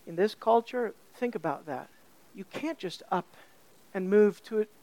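Recorded without echo, this female preacher speaks at a medium pitch and delivers her sermon with animation. She poses questions to the audience and draws out important words slowly to stress them.

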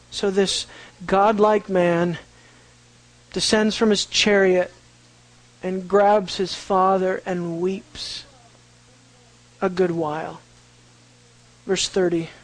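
A man's voice: sits high, little pitch movement, takes it slowly, pauses often, low-quality recording. A man teaching a sermon, reading scripture aloud and asking his listeners rhetorical questions. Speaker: Bible teacher.

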